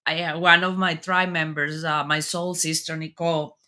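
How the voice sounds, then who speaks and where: A woman hosting a talk show interview, speaking in an earnest, encouraging way with thoughtful, slightly halting phrasing. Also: sits low, level tone, bright, forceful tone.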